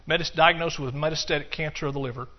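A man's voice: fairly high pitch, fairly even intonation, fast talker. Emphatic male preacher, muffled recording. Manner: emphatic, storytelling, with restarts. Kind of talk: sermon. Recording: dull lo-fi recording.

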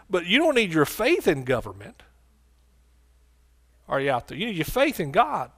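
Emphatic male preacher from the US, slightly high voice, repeats lines, calls to the crowd. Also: big pitch swings, normal speed, fairly bright tone. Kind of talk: sermon.

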